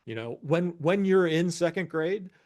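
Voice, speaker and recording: A man's voice: fairly high pitch, animated, a little slow, a little mellow. A man in his sixties co-hosting a podcast, explaining ideas in a reflective, casual way. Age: 60s. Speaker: podcast co-host. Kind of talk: casual chat.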